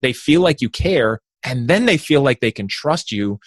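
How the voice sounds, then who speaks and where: A man who is a sales consultant guest on a podcast interview, energetic and explaining with quick asides. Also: medium pitch, dry recording.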